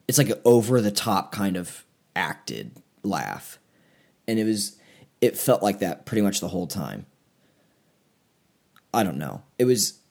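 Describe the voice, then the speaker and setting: A man co-hosting a podcast, talking in a rambling, casual way with many fillers. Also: lowish voice. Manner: rambling, filler-heavy, animated when mocking. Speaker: podcast co-host. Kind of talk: casual chat.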